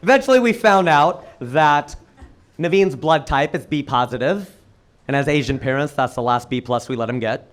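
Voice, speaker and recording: Male stand-up comedian, slightly high voice, lively punchline delivery, faint background noise. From United States. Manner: quick, animated punchlines with jumps in pitch. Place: comedy venue with a live audience. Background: audience laughter.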